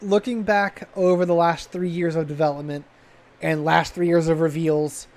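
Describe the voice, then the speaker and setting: A man's voice: fairly high pitch, level tone, moderate pace, a little mellow. A man co-hosting a gaming podcast, talking in an enthusiastic and rambling way with frequent restarts. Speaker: podcast co-host. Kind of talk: casual chat.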